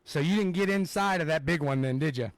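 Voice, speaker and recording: Excitable, rambling male race commentator. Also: a little high, fairly quick. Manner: excitable and rambling, with lots of fillers. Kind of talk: live play-by-play commentary.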